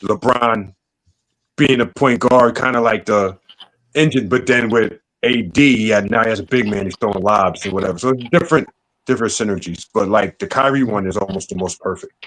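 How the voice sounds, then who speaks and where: A man's voice: lowish voice, brisk, a bit bright, poor audio. A man in a casual sports podcast chat, making his points thoughtfully and casually, with fillers.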